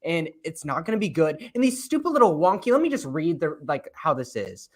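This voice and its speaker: A man's voice: a little high, sing-song, a little fast. A man co-hosting a podcast, giving blunt, mocking opinions in a casual food-ranking chat. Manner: emphatic, dismissive, mocking. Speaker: podcast co-host.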